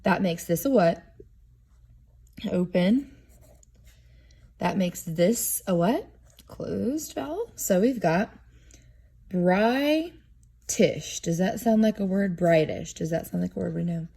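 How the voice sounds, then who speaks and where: A woman teaching a classroom lesson, walking students through each step aloud in a clear, methodical way. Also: lowish voice, lively intonation, slow pace, pauses often, warm tone. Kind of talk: classroom instruction on syllabication.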